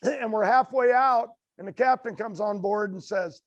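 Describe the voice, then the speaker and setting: An older American man, a racing guest, telling stories in a halting, rambling way with many fillers and restarts. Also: sits high, no room sound, lo-fi sound. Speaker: guest, drag racer. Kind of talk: storytelling interview.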